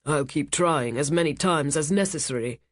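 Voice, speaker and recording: A narrator voicing a rich casino owner, a man who speaks with smooth, menacing charm. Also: mid-range voice, normal speed, no echo, studio quality, close to an everyday voice. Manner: smooth, commanding, cutting. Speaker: cruise ship owner.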